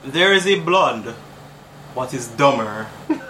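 Bright, lively man teasing friends. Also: medium pitch, takes it slowly, slight background noise, low-quality recording. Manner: teasing, playful quizzing. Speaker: podcast co-host. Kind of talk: casual chat.

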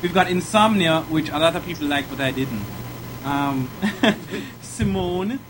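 A man's voice: fairly high pitch, animated, measured pace, noisy background. A man in casual chat, reading out a list in a dry, sarcastic way.

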